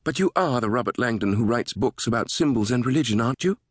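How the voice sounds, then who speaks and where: A man's voice: animated, quick pace, slightly rough, no room sound, clean studio sound. A male narrator voicing a chirpy middle-aged British woman who greets travelers, in a sing-song voice with a British accent. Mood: teasing. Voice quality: sing-song, high and bright.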